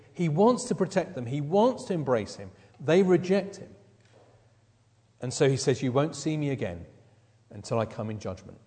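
A man's voice: mid-range voice, a little mellow, slightly rough. A man preaching a sermon, teaching through a Bible passage verse by verse with emphasis. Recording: long reverb of a hall.

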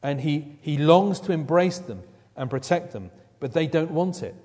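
Male preacher, slightly high voice, emphatic expository sermon, hall reverb. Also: lively intonation, moderate pace, a little mellow. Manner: expository Bible teaching, emphatic.

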